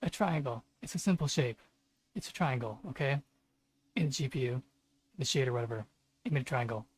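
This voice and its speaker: A man with a husky voice talking to his stream as he codes, venting in frustrated, profane rants. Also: mid-range voice, a little fast. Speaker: streamer programmer. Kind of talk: live coding stream commentary.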